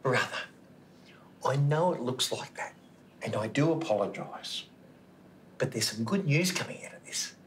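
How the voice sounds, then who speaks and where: A man plays a placating Australian store manager who smooths things over with mateship talk. His pitch rises and falls a lot. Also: animated, normal speed, pauses often, a little hiss or hum, natural voice. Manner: placating, chummy.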